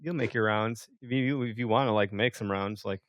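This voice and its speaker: A man's voice: lowish voice, a little fast, no echo. A man hosting a podcast, talking casually in rambling, restarting sentences with casual swearing. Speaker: podcast host. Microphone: studio mic, call software.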